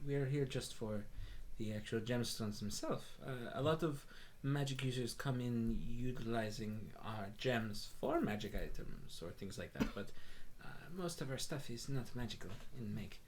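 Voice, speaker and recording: A man's voice: medium pitch, moderate pace, darkish tone, slight background noise, close to an everyday voice. A man voicing an elegant female cat-folk gem seller, an overly polite and fawning shopkeeper. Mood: gracious.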